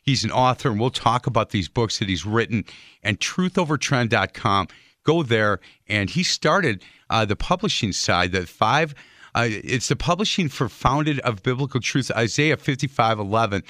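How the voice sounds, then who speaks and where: Male radio host, low and bright, conversational and affirming, dry studio sound. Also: lively intonation, normal speed, dry recording. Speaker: radio talk show host. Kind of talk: talk radio interview.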